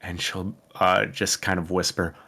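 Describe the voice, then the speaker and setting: A man playing in a tabletop game, describing his character's moves in a hesitant, unhurried way with soft laughs. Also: low voice, flat delivery, gravelly. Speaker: player. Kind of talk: tabletop game play, casual chat.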